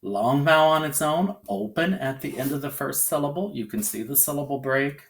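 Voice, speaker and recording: A man's voice: mid-range voice, brisk, a little hiss or hum. A man teaching a phonics lesson to young learners, sounding out letters one by one and checking in with a rising "okay?".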